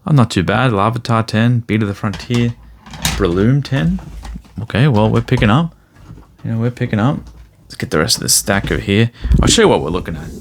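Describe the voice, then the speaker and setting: Male vlogger, deep voice, easygoing rambling delivery, faint hiss behind. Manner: rambling, easygoing, thinks aloud. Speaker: card collector vlogger. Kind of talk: casual vlog commentary.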